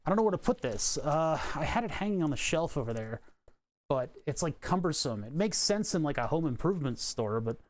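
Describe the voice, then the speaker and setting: A man streaming from his home workshop, chatting casually and rambling, often chuckling at his own jokes. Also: a little high. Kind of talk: casual live-stream chat while working.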